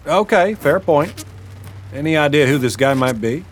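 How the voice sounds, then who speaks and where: A man's voice: a little high, animated, moderate pace, a little hiss or hum, voice pushed up, lightly acted. A man voicing a casual, joking exterminator talking on the phone. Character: easygoing male pest exterminator.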